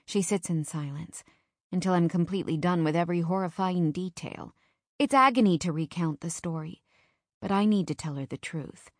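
A young adult woman narrating a first-person audiobook in an earnest, intimate, measured way. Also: lowish voice, no room sound, clean studio sound.

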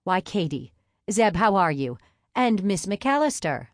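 A tall, friendly farm man with a hearty, easygoing way of talking, pitched above the reader's own low voice, as a woman narrator plays him. The sound is dry and close-miked. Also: sing-song, measured pace, dry recording.

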